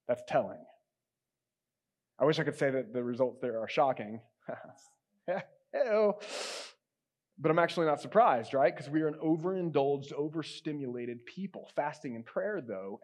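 A man pastor preaching a sermon, conversational and emphatic, often dropping to soft, quiet tones. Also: fairly high pitch.

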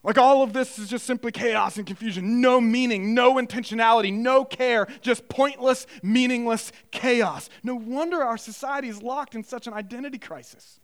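Man, young adult, pastor preaching, high-pitched voice, animated delivery from hushed to loud. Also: moderate pace, few pauses. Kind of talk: sermon.

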